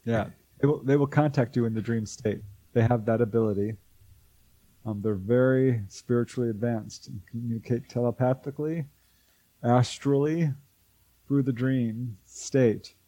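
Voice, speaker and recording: A male author and UFO researcher, interviewed as a guest, relates a long account and animatedly voices each person in it. His mid-range voice keeps a normal pace; there's no echo, but the high frequencies are cut off.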